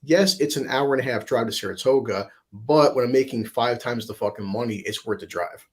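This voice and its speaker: A man's voice: mid-range voice, fairly quick. A man from upstate New York rambling through profane stories in casual stream chat. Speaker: streamer and part-time Uber driver.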